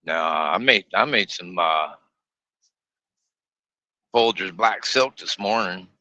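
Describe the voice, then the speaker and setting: A man's voice: low voice, lively intonation, slow, pushed and bright. A man streaming live from his truck, chatting in a folksy, grumbling way and laughing often. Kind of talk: casual live-stream chat. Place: inside a semi truck cab.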